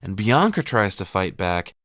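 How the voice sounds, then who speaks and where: A man co-hosting a podcast, casually recapping a movie plot scene by scene with a relaxed, profanity-laced storytelling manner. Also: low voice, unhurried, no room sound, clean studio sound. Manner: profane, laid-back, storytelling. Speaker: podcast co-host.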